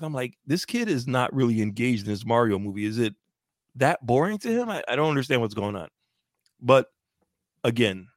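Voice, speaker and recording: A man's voice: medium pitch, no echo, clean studio sound. A man co-hosting a podcast, telling a story in casual chat, rambling with lots of "like" and laughs. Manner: rambling storyteller, many fillers like "like". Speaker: podcast co-host.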